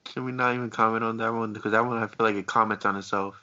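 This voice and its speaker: Bright-toned man on a sports podcast. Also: on the low side, steady tone, very fast. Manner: chatty, hesitant, with fillers and restarts. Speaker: podcast co-host. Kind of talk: casual sports podcast chat. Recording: dull lo-fi podcast audio.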